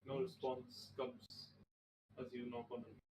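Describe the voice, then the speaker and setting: A man narrating a tabletop game as game master, describing scenes in a measured way with restarts. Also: medium pitch, monotone, noisy background. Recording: roomy distant mic with faint ambience.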